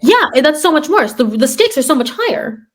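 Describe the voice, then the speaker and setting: A woman's voice: sits high, fairly quick. Sarcastic woman telling teacher stories. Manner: sarcastic, animated storyteller acting out classroom quotes. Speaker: podcast host and third grade teacher. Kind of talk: casual chat.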